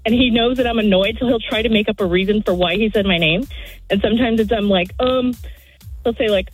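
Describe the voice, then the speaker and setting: A woman's voice: on the high side, a little fast, husky, no room sound, faint music behind, poor audio. A woman calling into a radio show, telling a story with laughter and animation. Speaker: radio caller. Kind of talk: phone-in chat.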